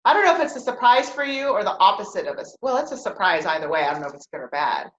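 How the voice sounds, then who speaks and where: A woman hosting a podcast in casual chat, animated and laughing often. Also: medium pitch, racing, roomy sound, dull audio. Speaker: podcast host.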